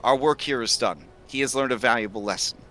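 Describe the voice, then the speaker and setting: A man's voice: medium pitch, a little fast, bright, forceful tone, lightly acted. Man playing a stern grandma shark, dry and no-nonsense. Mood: scolding. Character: older female shark, bossy grandma type.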